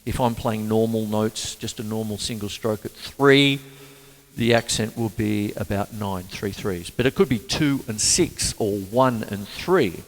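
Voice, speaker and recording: An older man hosting a casual drum lesson, chatty and singing rhythms out loud as he plays. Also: lowish voice, unhurried. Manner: chatty, sings rhythms aloud. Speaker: drum teacher and show host. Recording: reverberant room with drums.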